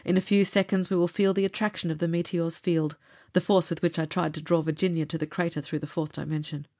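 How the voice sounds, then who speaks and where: A woman voicing a steady young male pilot and inventor, talking in a lowered, matter-of-fact way. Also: fast, lightly acted. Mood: grim.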